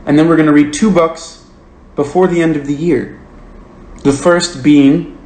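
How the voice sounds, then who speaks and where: A man's voice: a little high, steady tone, measured pace, pauses often, darkish tone. A man hosting a book club over a phone livestream, casual and earnest, rambling with lots of "like". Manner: rambling and earnest, heavy use of "like". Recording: roomy with faint hiss.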